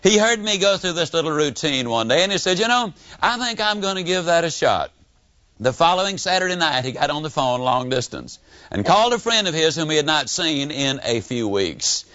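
Speaking a little fast in a voice on the high side, an older man from Mississippi delivers a motivational talk in his Southern accent. The dry recording sounds dull and lo-fi, and his storytelling is lively, folksy, and funny, with quotes acted out.

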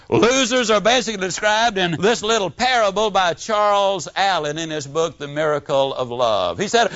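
A man giving a motivational speech, telling folksy stories with dramatic swings in pitch and pace. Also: a bit bright. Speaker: motivational speaker. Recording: dull lo-fi recording.

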